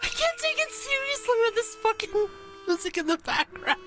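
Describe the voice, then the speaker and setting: A woman's voice: extremely high pitch, very animated, normal speed, music in the background. A young adult woman streaming as a VTuber, reacting casually and giggling often, with plenty of swearing.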